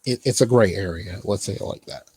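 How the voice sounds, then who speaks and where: A man's voice: fairly low pitch, brisk, a little mellow, breathy edge, no echo. A man casually recapping a TV show on a podcast, rambling with lots of fillers. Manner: rambling, filler-heavy, quotes characters in mock voices. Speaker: podcast host.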